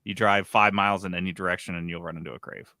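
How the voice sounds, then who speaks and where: A man co-hosting a casual gaming podcast, animated and jokey, swearing casually and reading ads and news with energy. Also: low-pitched, fast, no echo, clean studio sound. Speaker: podcast co-host.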